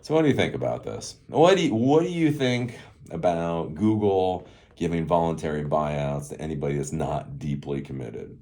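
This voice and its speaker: Low-voiced middle-aged guy ranting about tech, sarcastic, rambly, keeps chuckling. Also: animated, moderate pace, a little mellow. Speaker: tech commentary host. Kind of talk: casual solo commentary.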